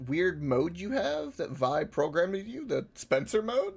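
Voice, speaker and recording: A man voicing a brash, mischievous male rogue who teases in an unhurried way. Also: sits high, sing-song, gravelly, breathy edge, exaggerated voice. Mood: teasing.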